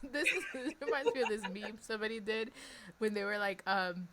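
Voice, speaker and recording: A woman hosts a relaxed podcast conversation, talking in animated bursts full of fillers and quick laughs. Her voice is bright and sharp-edged, and a faint hiss of noise sits under it. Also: medium pitch. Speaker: podcast host. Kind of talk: casual podcast chat.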